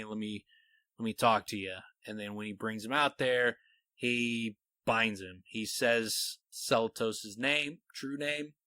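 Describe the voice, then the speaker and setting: Bright-voiced man explaining book theories. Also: mid-range voice, clear, resonant tone, dry recording. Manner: animated, explains theories, reads quotes aloud. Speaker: podcast co-host. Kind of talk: casual book discussion.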